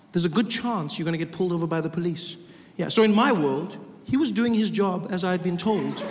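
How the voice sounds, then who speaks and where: Animated high-voiced male stand-up comedian. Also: long reverb tail, a little hiss or hum. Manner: animated, acts out both sides of the story in voices. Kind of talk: stand-up storytelling.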